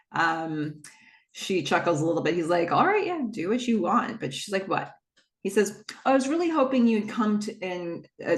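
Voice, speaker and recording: A young adult woman hosting a podcast, recapping a TV episode in casual narration, acting out the characters' lines with quick jumps in pitch, full of fillers and self-corrections. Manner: acts out quoted lines with a quick shift of pitch.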